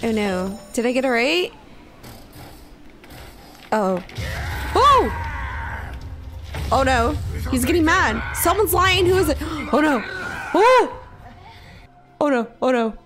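Excitable high-voiced woman playing a game. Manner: excitable, gasping and shrieking at scares, laughing often; reads riddles aloud slowly. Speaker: gaming video creator. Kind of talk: casual gameplay commentary. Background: game music.

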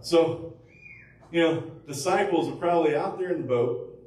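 A man's voice: on the high side, moderate pace, darkish tone. A man preaching as pastor, telling the story conversationally with rhetorical questions and fillers. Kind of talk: sermon. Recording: echoey room from far off with faint ambience.

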